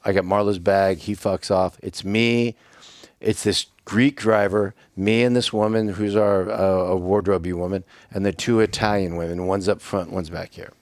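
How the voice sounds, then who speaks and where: A man's voice: on the low side, normal speed, no room sound. Profane middle-aged man spinning a wild story. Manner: animated, swearing, acts out dialogue. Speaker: podcast guest.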